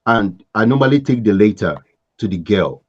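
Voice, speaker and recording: Man from Africa telling animated stories. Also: fairly low pitch, normal speed, husky. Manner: animated storyteller, laughs and acts out scenes. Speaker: podcast guest, entrepreneur. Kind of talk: casual storytelling interview. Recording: dull lo-fi sound.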